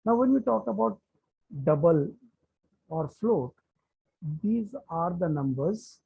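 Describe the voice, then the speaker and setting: A man with an Indian accent teaching a live online class. He talks deliberately, repeats key terms and checks whether students can hear him. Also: high voice, animated, gravelly, mellow, breathy edge, rough recording. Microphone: computer mic on an online call.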